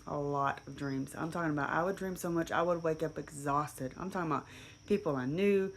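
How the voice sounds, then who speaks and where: Low-voiced woman rambling through a personal story, lots of ums and restarts. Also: brisk, slight background noise. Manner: rambling, with frequent fillers and restarts.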